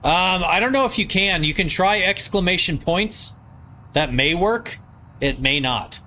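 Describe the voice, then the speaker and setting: A man's voice: high-pitched, expressive, a little slow, bright, forceful tone, slight background noise. A man with a nasal voice, live-streaming from his home basement, reading viewer comments aloud and answering in loose, rambling casual chat.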